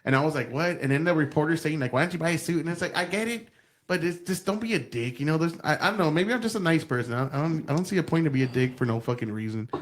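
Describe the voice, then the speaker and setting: Fast-talking profane man hosting a podcast. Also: on the high side. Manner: profane, rambling, animated storytelling. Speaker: podcast host. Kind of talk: casual political chat.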